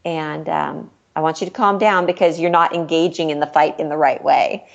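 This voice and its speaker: A woman's voice: sits low, fairly even intonation, normal speed, vocal fry. A woman author, a guest in a conversational interview, speaking earnestly and acting out what she says to her kids. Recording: dull lo-fi recording.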